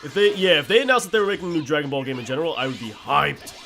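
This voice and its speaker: A man streaming games, chatting casually and telling stories in a blunt, animated way. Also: a little high, rapid-fire, gravelly. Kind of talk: casual gameplay commentary.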